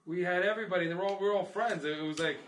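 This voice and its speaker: A middle-aged man from Canada, a comedian hosting a casual podcast, telling loud swearing stories with put-on voices. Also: high-pitched, racing, roomy sound, slight background noise.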